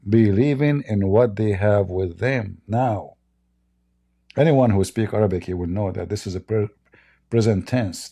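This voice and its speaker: A man's voice: lowish voice, dark tone. Taunting man hosting a debate stream. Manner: mocking, taunting, blunt; non-native English grammar. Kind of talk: combative live-stream talk.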